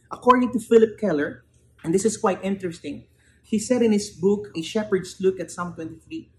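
A man preaching a sermon, building to emphatic raised peaks and then dropping low and quiet. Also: slight background noise, low-quality recording.

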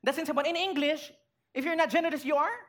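A woman's voice: high voice, fast talker. A woman with a Filipino accent preaching a sermon, acting out little scenes and asking the congregation questions. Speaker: pastor.

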